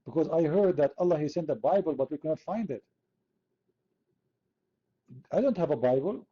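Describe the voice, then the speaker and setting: A man's voice: a little high, animated, fast talker, slightly rough, dull audio. A man from the Middle East, hosting an online chat room debate in a sarcastic, mocking, argumentative way. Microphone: computer mic.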